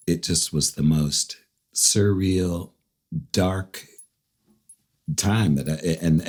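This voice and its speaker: A man speaking quietly and reflectively as a guest in a casual interview. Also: low voice, breathy edge. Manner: quiet, reflective, soft reactions. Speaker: guest musician.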